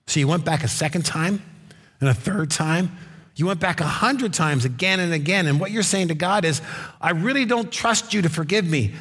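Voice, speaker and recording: A man's voice: a little high, fairly bright tone, slightly rough, long reverb tail. A man preaching a sermon as pastor, telling stories in a conversational way with wry asides.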